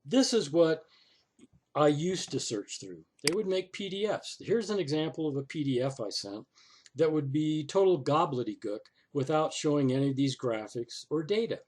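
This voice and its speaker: Fairly high-pitched and animated, with a darkish tone, a man walks through a screen recording at a moderate pace. He sarcastically and wearily complains to the city council, thinking aloud and often saying "oh" and "okay."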